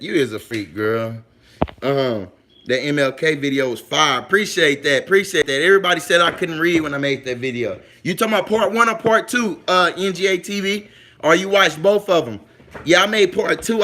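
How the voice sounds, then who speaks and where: A man with a slightly high, pushed, bright voice hosts a casual livestream. He reads chat comments aloud and talks directly to viewers in a loose, slangy style, repeating points for emphasis.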